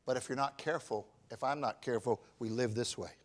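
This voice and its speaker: A pastor in his fifties preaching a sermon, swinging from shouted emphasis to quiet, personal confession. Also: medium pitch, fast talker. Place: church.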